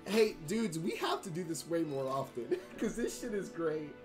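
A man from the United States hosting a casual gaming stream, excitable and tipsy, swearing and bursting into shouts. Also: on the high side, normal speed, faint music behind.

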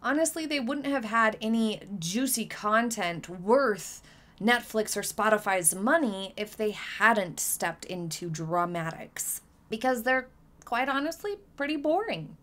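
A woman's voice: on the high side, expressive, a little slow, fairly bright tone. Blunt, scornful woman commentator. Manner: blunt, scornful, lectures the listener. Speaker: commentary channel host. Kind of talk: opinionated scripted commentary.

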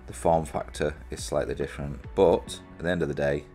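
A British man with an unusually deep, low-pitched voice talks through a gadget unboxing in a loose, chatty way. He thinks aloud and pokes fun at himself. Quiet music plays faintly underneath. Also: steady tone, brisk. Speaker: reviewer presenting an unboxing. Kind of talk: casual product demonstration.

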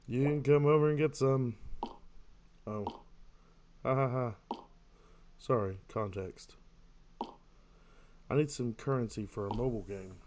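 A man's voice: mid-range voice, measured pace, pauses often, a little mellow. A man doing let's play commentary, reading in-game texts aloud and answering them with jokes. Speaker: gamer.

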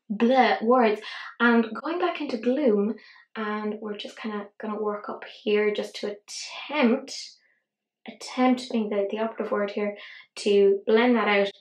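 A tired woman chatting casually through a makeup tutorial, rambling, swearing and poking fun at herself. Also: mid-range voice. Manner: rambling, sweary, self-deprecating. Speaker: beauty vlogger. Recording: roomy echo.

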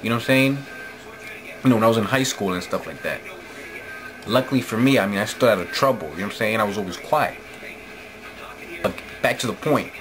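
A man's voice: fairly low pitch, fairly quick, pauses often. Angry, profane man ranting over music. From New Jersey. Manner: angry, profane, repeats "you know what I'm saying". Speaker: vlogger. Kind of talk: late-night opinion rant.

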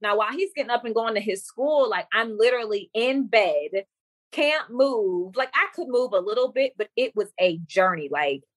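A woman's voice: a little high, moderate pace, no room sound. A young woman, a guest on a podcast, telling her own story in casual chat and acting out what others said. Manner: lively storyteller who acts out quoted dialogue. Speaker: podcast guest, women's coach.

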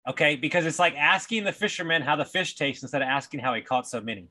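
A man's voice: a little high, expressive, quick pace, sharp tone. A male podcast host, fired up and blunt, swearing freely in conversation.

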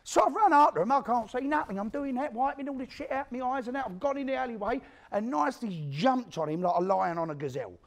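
A man's voice: very high voice, animated, fast, hardly any pauses. An actor with a London accent playing a hard, spiteful male gangster who recounts a brutal feud in a coarse, swearing theatrical monologue, re-enacting the scenes as he goes. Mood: grim boasting. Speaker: actor performing a stage monologue.

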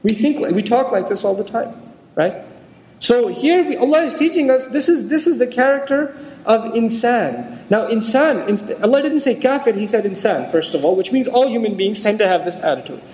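A man's voice: very high-pitched, lively intonation, moderate pace, darkish tone. A man giving a religious lecture on scripture in a conversational way, acting out the voices he quotes. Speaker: Quran lecturer. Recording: echoey hall with long reverb.

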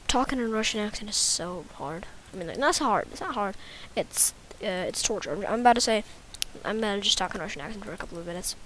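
A woman's voice: medium pitch, expressive, fast, hardly any pauses. A woman giving casual, rambling, self-mocking commentary while playing a video game. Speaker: gaming YouTuber.

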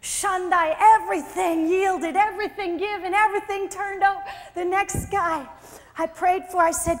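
A woman preaching at a conference, exuberant, with shouted exclamations and frequent laughter. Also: extremely high pitch, steady tone, normal speed. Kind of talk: sermon. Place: conference hall. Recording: echoey hall with faint crowd. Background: faint crowd.

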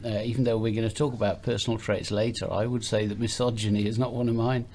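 A man's voice: on the low side, little pitch movement, fast talker, darkish tone. A British man, a podcast co-host, chatting casually with a wry, self-deprecating manner. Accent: British English. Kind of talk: casual chat.

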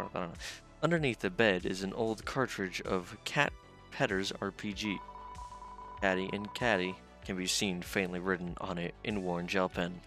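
Low-voiced young man on a let's-play. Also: creaky, a bit bright. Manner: jokey, reads game text aloud. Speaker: gaming channel host. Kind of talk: casual let's-play commentary.

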